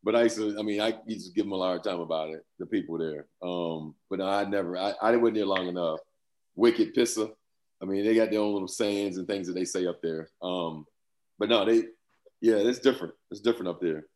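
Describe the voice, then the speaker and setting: A man with a very low voice talks through his old playing days, loose and rambling, breaking into laughs. He is in his fifties and speaks as a guest in a casual interview. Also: fast talker, darkish tone. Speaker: former pro football player, guest.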